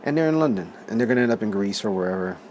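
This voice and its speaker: Man in his thirties, casual profane storyteller, lowish voice, faint room noise. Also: racing. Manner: profane, animated, laughs often. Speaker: vlog host.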